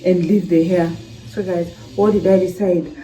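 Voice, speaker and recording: In a mellow, lowish voice with a steady tone and normal speed, a vlogger talks casually to her viewers from home, repeatedly addressing them as "guys." The noisy phone recording picks up construction nearby.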